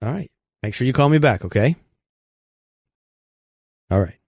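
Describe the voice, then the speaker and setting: Lively, sarcastic male sports radio host. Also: mid-range voice, normal speed, dry recording, studio quality. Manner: animated, sarcastic and combative.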